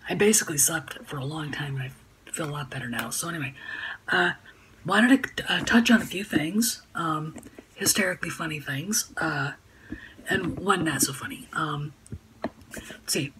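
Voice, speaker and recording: A woman with a low-pitched voice talks casually to her camera at home. She rambles, stumbles over restarts and fillers, and sounds steadily indignant. A faint background noise sits under the recording. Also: normal speed, long pauses. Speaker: YouTube vlogger. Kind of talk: casual talking-head vlog. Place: home room by a sunny window.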